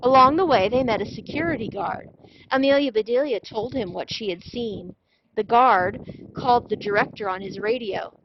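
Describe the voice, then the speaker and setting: A woman narrating a children's storybook read-aloud in a clear, even storytelling manner. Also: fairly high pitch, moderate pace, dull audio, background noise.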